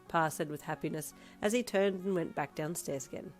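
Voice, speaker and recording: A woman reading fan fiction aloud as narrator, in an even storytelling manner. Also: deep voice, a little fast, hardly any pauses, soft background music.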